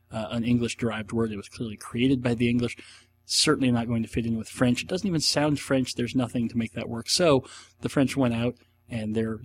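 Middle-aged male host, mid-pitched voice, chatty and digressive, light hum under the mic. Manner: rambling and enthusiastic, with frequent restarts and rhetorical asides. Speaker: host answering listener questions. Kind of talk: casual solo podcast talk.

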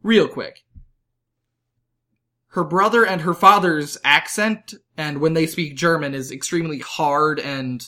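A young man co-hosting a casual podcast, telling animated stories. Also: a little high, a little slow. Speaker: podcast co-host.

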